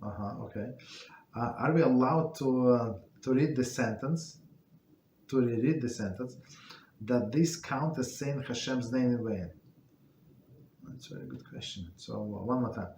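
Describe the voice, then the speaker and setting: A man teaching an informal religious class, speaking in halting English with many fillers and restarts. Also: medium pitch, warm tone. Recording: echoey room with faint noise.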